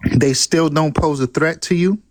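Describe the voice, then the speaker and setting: A man hosting a heated live-stream debate. He is insistent and laughs easily, and he keeps pressing the others to calm down so he can make his point. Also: on the high side, vocal fry, no echo.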